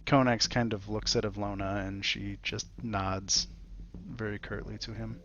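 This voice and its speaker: A man narrates a tabletop role-playing session as dungeon master. He speaks casually, pausing on fillers, in a fairly low voice. The sound is dull and lo-fi. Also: slight background noise. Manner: relaxed, casual, with hesitant fillers.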